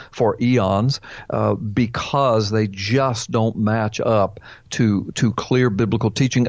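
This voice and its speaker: A man's voice: fairly low pitch, no room sound. Emphatic preaching man, slightly muffled. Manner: emphatic, quotes scripture with rhetorical questions. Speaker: pastor answering a caller. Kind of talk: preaching Bible teaching on call-in show.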